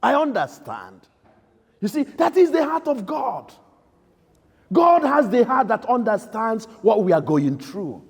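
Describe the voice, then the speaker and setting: Emphatic priest, high voice, echoing church. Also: male voice, expressive, a little slow, slightly rough. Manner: emphatic, swinging between loud outbursts and soft quiet lines. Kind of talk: sermon. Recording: echoey church hall.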